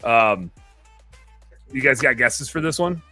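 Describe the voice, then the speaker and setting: A man's voice: medium pitch, animated, slow, sharp tone, faint music behind. A man in his thirties hosting a podcast, rambling and self-mocking in casual banter. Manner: rambling, self-mocking, reads aloud in a jokey tone. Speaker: podcast host.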